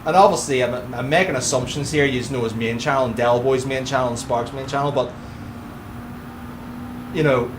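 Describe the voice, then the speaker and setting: A man's voice: medium pitch, moderate pace, long pauses, noisy background. A man commentating his own racing game live and chatting to viewers by name. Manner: chatty, addresses viewers by name, friendly banter. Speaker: livestreamer.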